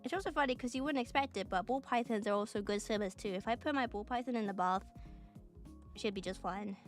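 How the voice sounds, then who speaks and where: A woman's voice: a little high, quick pace, soft background music. A young woman streamer with a neutral British accent, chatting casually and rambling while she draws, often giggling and swearing offhand.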